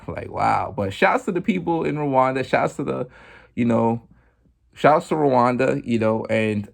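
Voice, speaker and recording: A man hosting a podcast, talking through music news in a relaxed, chatty monologue full of "like" and "you know". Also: fairly low pitch, vocal fry. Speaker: podcast host. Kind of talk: casual commentary monologue.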